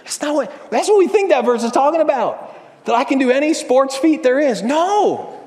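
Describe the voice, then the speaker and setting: A man in his thirties preaching a sermon, telling stories with animation and swinging from loud to hushed. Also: very high voice, sing-song, moderate pace. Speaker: pastor. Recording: long hall reverb.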